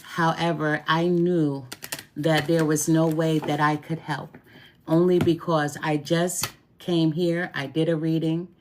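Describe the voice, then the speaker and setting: There's a faint hiss or hum behind this deep, flat, somewhat slow female voice. A middle-aged tarot reader and root worker, she speaks casually to the camera in a chatty, sincere way, voicing open gratitude and repeating herself for emphasis.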